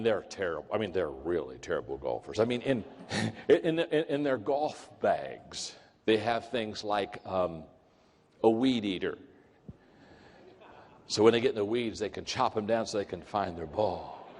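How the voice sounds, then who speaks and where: Lively storytelling man in a big reverberant hall. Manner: storytelling with jokes, acting out quotes in a higher voice. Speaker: speaker. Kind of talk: humorous motivational talk.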